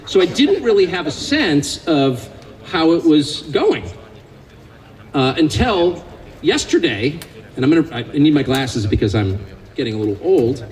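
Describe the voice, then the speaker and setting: A man's voice: a little high, sing-song, unhurried, a little mellow, rough recording. An American man giving a public speech to a live audience, sardonic and joking, growing more impassioned as he goes. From United States. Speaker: invited speaker.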